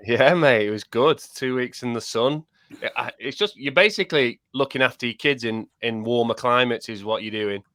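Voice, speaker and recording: A man's voice: medium pitch, normal speed, fairly bright tone, dry recording. A man, a podcast co-host telling a story in casual chat, laughing and swearing as he goes.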